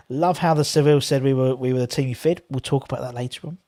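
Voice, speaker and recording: A man's voice: fairly high pitch, normal speed, mellow. A man hosting a casual football fan live stream, chatting and rambling while reading out viewer comments. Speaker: fan channel host.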